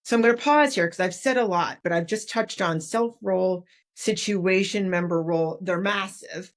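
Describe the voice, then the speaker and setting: A woman speaks as a guest on a podcast, laying out her ideas in an explanatory, animated way. She sometimes acts out little greetings to show how tone changes the meaning. Her voice sits at an ordinary middle pitch. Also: normal speed. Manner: animated, demonstrates tones of voice while explaining. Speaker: author and leadership consultant, guest. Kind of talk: podcast interview.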